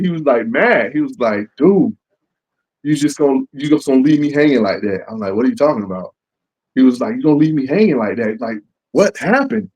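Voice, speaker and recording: Animated man acting out fans' reactions. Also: mid-range voice, breathy edge, poor audio. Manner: animated, acts out fans' lines. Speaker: comic book creator. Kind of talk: casual interview.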